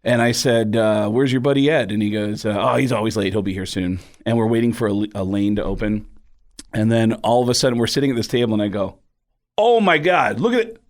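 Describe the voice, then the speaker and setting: A man, a comedian, telling a story in a casual interview and acting out the people in it. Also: fast. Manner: animated storyteller, jumps into high excited voices for quoted people. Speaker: comedian guest.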